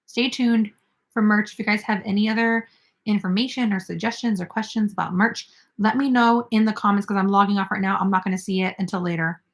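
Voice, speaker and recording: A woman's voice: mid-range voice, fairly even intonation, brisk. A young woman in casual chat as the host of a crochet livestream, reading viewer comments aloud and answering them.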